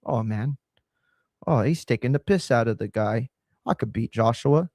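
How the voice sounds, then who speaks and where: A man's voice: mid-range voice, animated, moderate pace, darkish tone, no room sound, clean studio sound, voice pushed down, close to an everyday voice. A man doing a mocking, cocky impression of a young boxer talking trash, in a mock British accent.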